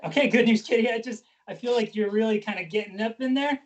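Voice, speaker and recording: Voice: mid-range voice, fast, recorded from a distance. An improv comedian playing a patient in a sketch, flustered and hesitant, laughing often.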